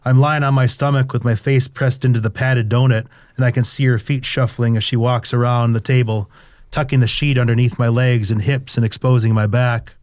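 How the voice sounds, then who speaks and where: A middle-aged man reads his own memoir aloud in the first person, candid, crude, and confessional. His mid-range voice is a little mellow, brisk, and fairly even in intonation, in a studio-quality recording with no room sound.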